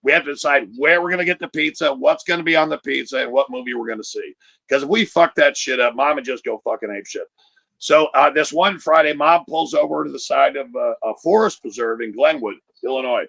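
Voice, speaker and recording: A man's voice: mid-range voice, brisk, vocal fry, no room sound. A man telling a profane, punchy stand-up story over a video call. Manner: profane, punchy, animated delivery. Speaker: comedian.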